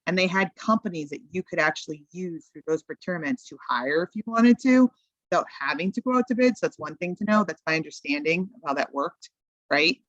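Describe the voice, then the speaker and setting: A woman's voice: fairly low pitch, expressive, brisk, dry recording, muffled recording. A woman advising a town committee in a meeting, explaining options in a practical, think-aloud way over remote-call audio. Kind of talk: meeting discussion.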